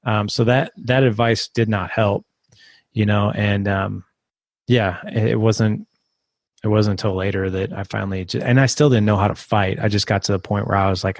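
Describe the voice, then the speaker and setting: A man on a podcast as a guest, telling a personal story in an earnest, halting way with many restarts. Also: lowish voice, steady tone, gravelly, dry recording.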